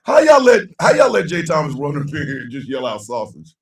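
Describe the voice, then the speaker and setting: A man hosting a casual live-stream show, loud and laughing, heavy on slang. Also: on the high side, huge pitch swings, fast talker, recorded from a distance. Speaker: host. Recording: echoey room, a bit off-mic.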